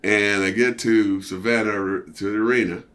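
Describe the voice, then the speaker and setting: An older man, a former wrestler, telling a story as an interview guest in a casual, animated way and acting out what others said. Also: fairly low pitch, normal speed. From United States. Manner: animated, acts out quoted voices.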